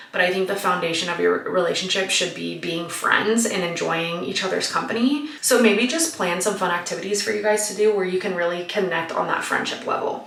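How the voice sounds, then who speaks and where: Woman, late 20s, chatty vlog Q&A, gravelly edge, a bit off-mic in a roomy space. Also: lowish voice, fairly bright tone, distant mic, a little hiss or hum. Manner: chatty, uses "like" often, laughs easily. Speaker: vlogger answering viewer questions. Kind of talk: casual Q&A chat.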